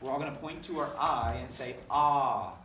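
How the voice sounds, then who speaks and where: Recorded from far off in an echoey classroom with a little hiss or hum, a male teacher leads energetic call-and-response drills, correcting himself along the way. His mid-range voice is fast, pushed and bright.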